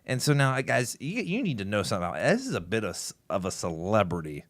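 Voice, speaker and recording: Low-voiced man telling a convention story. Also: fast, no echo. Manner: animated storytelling, acting out quotes. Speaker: podcast co-host. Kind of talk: casual fan chat.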